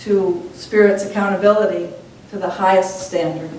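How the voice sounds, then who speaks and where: A woman minister preaches in an earnest, reflective teaching tone, her voice at mid pitch. She sounds a little away from the microphone, and it catches a great deal of church-hall echo with a faint rumble underneath. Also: steady tone, normal speed, a little mellow, recorded from a distance. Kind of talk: sermon. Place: church sanctuary.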